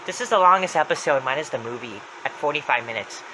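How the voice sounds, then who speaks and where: A man's voice: medium pitch, lively intonation, fast, noisy background. A young man retelling a creepy story in a plain, running recap with small slips. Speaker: narrator.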